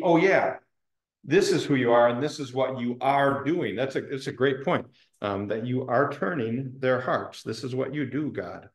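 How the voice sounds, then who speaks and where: A man leading an adult Bible study class in a church room, talking conversationally, asking questions and using frequent ums. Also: fairly high pitch. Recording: roomy echoing room.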